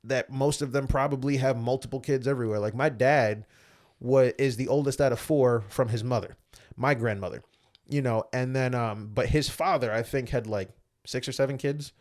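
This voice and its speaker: A man's voice: medium pitch, moderate pace. A young adult man, a former Olympic athlete, chatting as a guest and telling stories animatedly. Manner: animated, acts out other people's voices. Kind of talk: casual storytelling chat.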